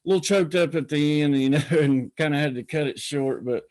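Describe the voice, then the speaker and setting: A man's voice: fairly high pitch, a little fast, a little mellow, no room sound. A man hosting a call-in podcast, chatting casually in a folksy, rambling way and greeting viewers by name. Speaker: podcast host. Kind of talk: casual live-stream chat.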